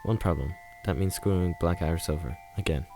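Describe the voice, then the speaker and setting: Man narrating as a gentle young girl, soft, earnest inner monologue, low voice. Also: a little fast, music in the background. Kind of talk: reading a visual novel aloud.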